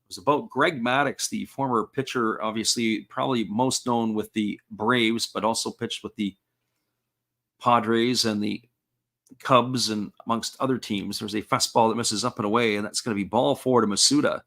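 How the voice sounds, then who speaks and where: A man's voice: lowish voice, moderate pace. Man calling baseball play-by-play. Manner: steady, folksy play-by-play with asides to chat. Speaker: play-by-play commentator. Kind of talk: live baseball commentary.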